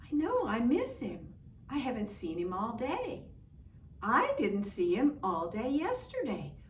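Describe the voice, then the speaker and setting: A woman voicing eager village children, talking high and excited, in an echoey room from a distant mic. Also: a little slow, slight background noise. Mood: curious.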